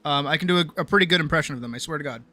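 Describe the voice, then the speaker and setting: A woman streamer with a low-pitched, rapid-fire voice chats casually on a live stream, swearing a lot and mocking herself. She sounds profane and animated, and faint music plays behind her.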